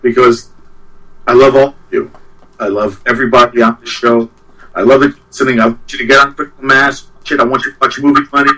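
A man's voice: mid-range voice, fairly even intonation, fast, sharp tone. Rambling man on a distant line. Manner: rambling, self-deprecating. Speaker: guest. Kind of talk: comedic rant.

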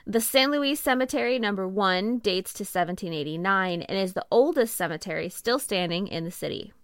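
Woman reading history script, dry close sound, steady pace. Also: mid-range voice, clean tone, dry recording. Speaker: podcast co-host.

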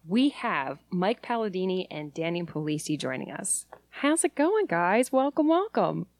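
A woman's voice: fairly low pitch, very animated, normal speed. A woman hosting a podcast, upbeat and teasing, introducing guests. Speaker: podcast host. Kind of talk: casual chat.

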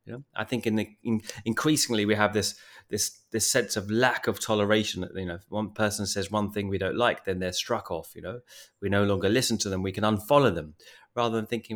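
Middle-aged male podcast host, low voice, quick rambling delivery full of fillers. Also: steady tone, fairly bright tone. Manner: rambling, many restarts and fillers. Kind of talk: casual podcast talk. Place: Bali.

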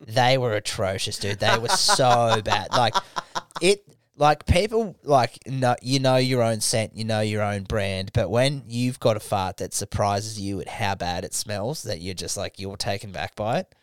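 A man's voice: on the low side, animated, a little slow, smooth, dry recording, clean studio sound. A young man hosting a casual comedy podcast, telling crude stories with lots of swearing and laughter. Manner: crude, laughing storyteller, mimics voices. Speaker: podcast host.

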